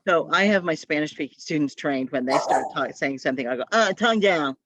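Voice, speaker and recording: A woman's voice: deep voice, fast, no echo. A woman leading a training session for adult language teachers over a video call, often acting out sounds and how students speak. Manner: demonstrates sounds, models student speech. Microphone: video call audio. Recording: dull, dry video call audio.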